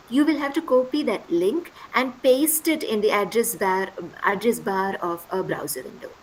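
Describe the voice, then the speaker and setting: A woman teaching an online presentation-skills class over a video call. Her voice sits a bit high, and she speaks patiently, often ending points with "right?" or "okay?". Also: low-quality recording. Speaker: workshop instructor.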